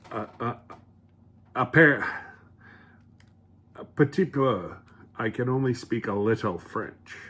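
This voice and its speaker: Slow, rambling man chatting in his kitchen. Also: medium pitch, fairly bright tone. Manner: rambling, chatty, many fillers and restarts. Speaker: home cooking vlogger. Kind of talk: casual rambling cooking vlog.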